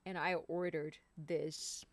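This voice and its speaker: A woman's voice: deep voice, little pitch movement, slow pace, dry recording. A woman singer hosting a live stream, chatting casually and rambling to her viewers.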